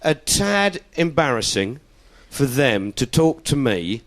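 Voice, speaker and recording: Animated comedian. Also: male voice, medium pitch, takes it slowly. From South London. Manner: cheeky, animated, swearing, mimicking people. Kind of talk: stand-up comedy.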